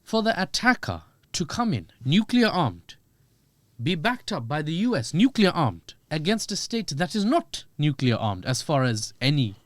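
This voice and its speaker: A man talks through his analysis as a podcast guest, animated and full of jokes and asides. His voice sits on the high side for a man, and the recording is close and dry. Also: no echo. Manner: animated, joking, quick asides. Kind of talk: podcast discussion.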